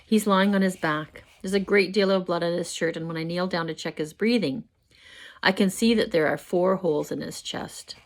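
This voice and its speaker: An older woman reading her own first-person story aloud at home, measured and expressive. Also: lowish voice. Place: home, with a pet dog nearby.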